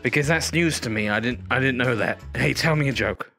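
A man's voice: medium pitch, fairly quick, gravelly, bright, forceful tone, faint music behind. A man giving theatrical, rambling commentary on a VR game while hamming up a drunk character. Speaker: VR gameplay streamer. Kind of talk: comedic VR gameplay commentary.

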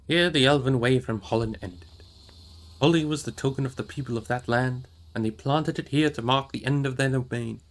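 A grave old wizard speaks in measured, solemn tones, as a man reading the book puts him on. He sounds commanding and weighty, a fantasy audiobook elder giving orders with care. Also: mid-range voice, close to an everyday voice.

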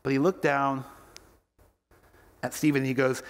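A man's voice: medium pitch, level tone, a little slow, in a large hall. A male pastor giving a sermon and telling a story, acting out the quoted voices as he goes.

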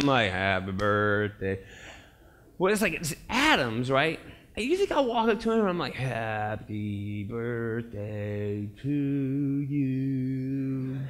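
A young man giving a casual, conversational sermon as a pastor, telling stories and acting out quotes. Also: fairly high pitch. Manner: animated storytelling, acts out quotes, laughs often. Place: church sanctuary.

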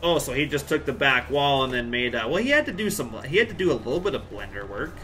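A man's voice: medium pitch, expressive, fast, pushed and bright, soft background music. A man from Central Alberta chatting casually on a live game stream, answering chat with jokey asides. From Central Alberta, Canada. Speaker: game livestreamer.

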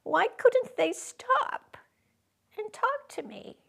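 A woman's voice: huge pitch swings, takes it slowly, gravelly, heavily acted. Woman voicing the timid Velveteen Rabbit. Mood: plaintive. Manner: high, pleading and earnest. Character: small timid velveteen toy rabbit, longing.

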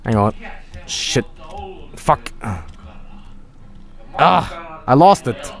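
A man streaming a game, joking loudly, swearing often and hamming up being drunk. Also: lively intonation, drawn-out words, creaky. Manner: plays at being drunk, loud swings of pitch. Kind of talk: let's-play commentary.

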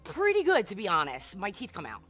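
A woman's voice: mid-range voice, huge pitch swings, a little fast, fairly bright tone, faint music behind. A woman playing a rambling, conspiracy-minded fan in a comedy sketch, talking in scattered bursts. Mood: giddy.

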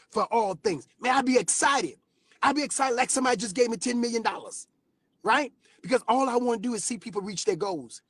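A man preaching with rising fervor, his voice pitched high with a husky edge. He builds from steady talk into shouted exclamations. The sound is dry and close, with no room around it. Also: no echo. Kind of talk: sermon. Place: sitting in his car.

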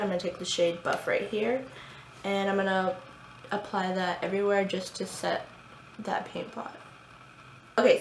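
Chatty young woman with a slight lisp. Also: mid-range voice. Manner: chatty, casual, with frequent fillers. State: talking with new braces. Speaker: beauty vlogger. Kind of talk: makeup tutorial. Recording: echoey room, faint background hum.

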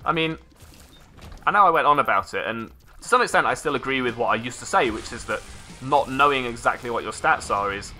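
A man's voice: mid-range voice, expressive, brisk, pushed and bright, soft background music. A man giving rambling let's play commentary, correcting himself as he goes with dry little asides. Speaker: gameplay commentator.

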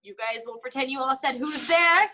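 A woman's voice: high voice, a little fast, sharp tone. A woman teaching a martial arts class for children over a video call, upbeat and teasing.

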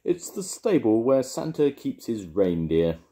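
A man's voice: mid-range voice, very animated, measured pace, mellow, pitched above the performer's own voice. A grandfather voicing a cheerful, bumbling middle-aged father who hesitates with fillers. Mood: trying cheerful.

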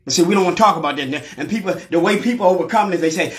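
Fiery preacher man, bright high voice. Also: racing, few pauses. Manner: preaching with shouted bursts and call-outs. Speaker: pastor. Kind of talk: fiery live sermon. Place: church sanctuary.

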